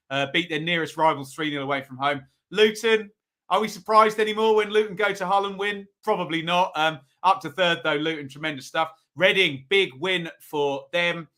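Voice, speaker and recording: A man's voice: high-pitched, sharp tone. Chatty man hosting a football stream. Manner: chatty, reading out viewer votes, frequent ums. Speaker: football review host. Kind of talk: casual live-stream commentary.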